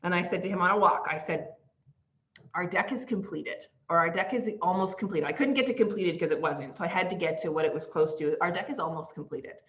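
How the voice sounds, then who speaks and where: A woman coach teaching an online masterclass, talking in an animated way, acting out the phrases she quotes and laughing often. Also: fairly low pitch, fast, hardly any pauses. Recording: slightly dull lo-fi audio.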